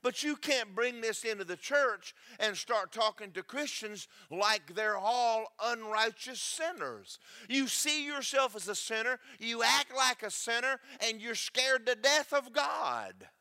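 A man preaching a sermon, emphatic and preachy, swinging between loud and soft. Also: very high-pitched, lively intonation, measured pace, hardly any pauses. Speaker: pastor.

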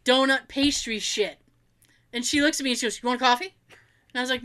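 A woman co-hosting a casual chat, telling family stories in an animated way, swearing freely and acting out what relatives said. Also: on the high side, fast.

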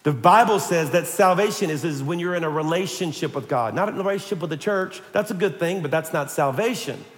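Man, pastor, animated sermon, higher voice, roomy church reverb. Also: fairly quick, few pauses. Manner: energetic, animated preaching with call-and-response. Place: church sanctuary. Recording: echoey church hall.

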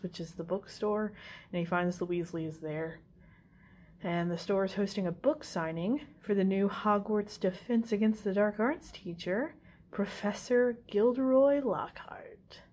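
A woman's voice: medium pitch, steady tone, a little slow, a little mellow, a little hiss or hum. A woman casually recapping a movie, swearing freely and laughing at her own asides. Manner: casual, profane, giggly asides.

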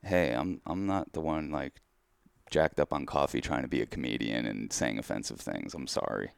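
Man, podcast co-host, very low gravelly voice, dry close sound, rambling and candid. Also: normal speed, no echo. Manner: candid, rambling, self-deprecating. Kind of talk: casual chat.

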